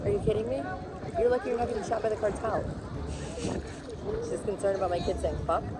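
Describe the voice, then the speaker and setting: A woman's voice: medium pitch, fast. A woman vlogging outdoors at a lagoon, ranting in a sarcastic, profane way. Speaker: vlog host. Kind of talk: casual on-location vlogging. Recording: loud crowd and outdoor noise.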